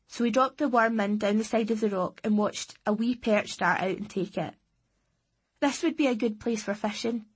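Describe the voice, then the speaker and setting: A woman's voice: medium pitch, breathy edge. A woman reading a first-person story aloud in a plain, understated way. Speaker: audiobook narrator. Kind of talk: scripted first-person narration.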